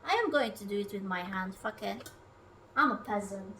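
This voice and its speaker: A woman's voice: medium pitch, moderate pace, fairly bright tone, recorded from a distance, slight background noise. A woman streaming herself cooking at home, chatting casually, rambling, swearing often and talking to her food and her viewers. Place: home kitchen.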